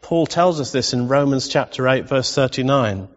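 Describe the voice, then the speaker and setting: A man's voice: medium pitch, normal speed. Impassioned preacher man in a reverberant hall. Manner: impassioned, rising to loud exclamations. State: emotional. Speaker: pastor. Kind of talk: sermon. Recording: dull lo-fi sound with long reverb.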